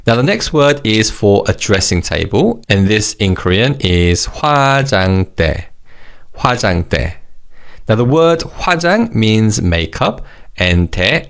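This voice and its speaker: A man teaching vocabulary in a scripted lesson, explaining slowly and repeating each target word, with upbeat praise after every drill. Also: on the low side. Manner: slow English explanations and repeated target words. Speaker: language teacher.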